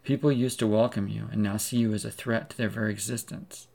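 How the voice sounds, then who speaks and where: A man's voice: fairly low pitch, steady tone, fairly quick, creaky, a little mellow. A man preaching a sermon, retelling a story vividly in the second person as a preacher.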